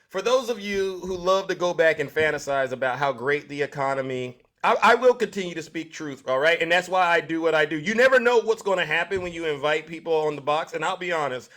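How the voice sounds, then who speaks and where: A man with a slightly high voice runs a live stream, lecturing and calling out to his viewers. He repeats himself and keeps speaking straight to the audience. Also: fairly bright tone. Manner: preachy, repetitive, addresses audience directly. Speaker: livestream host. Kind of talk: live-stream political commentary.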